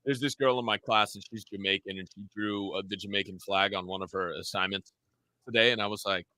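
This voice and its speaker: A man's voice: on the low side, fairly even intonation, quick pace, bright, forceful tone, dry recording. A young man co-hosting a live football watch-along, full of casual jokes, teasing and blunt opinions. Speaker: co-host of a match watch-along. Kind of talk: casual sports banter.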